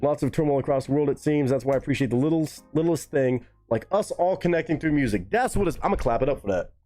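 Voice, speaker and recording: A man hosting a relaxed live reaction stream, talking straight to his chat. His voice jumps around a lot and leaps high when something surprises him, with casual curses thrown in. Soft music plays faintly under him. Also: quick pace. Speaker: livestream host reacting to music.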